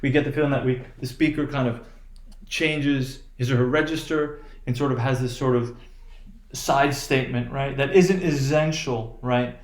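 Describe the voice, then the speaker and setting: A male teacher gives a lecture, stopping and restarting often and checking in with his students. His voice sits at an ordinary pitch and carries a roomy echo. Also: fairly even intonation. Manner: halting, many fillers and "right?" checks.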